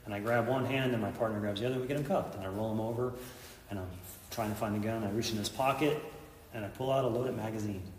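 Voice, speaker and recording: A man's voice: fairly low pitch, steady tone, fast, reverberant, big-room sound, far from the mic, slight background noise. A middle-aged man, a police officer and veteran, telling an intense story in an interview, acting out what people said. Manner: intense retelling, acts out quoted lines.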